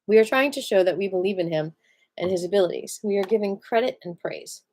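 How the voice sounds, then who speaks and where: A woman's voice: medium pitch, lively intonation, brisk, darkish tone. A tired woman reading a self-help book aloud on a live stream, breaking off now and then for chatty asides. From American.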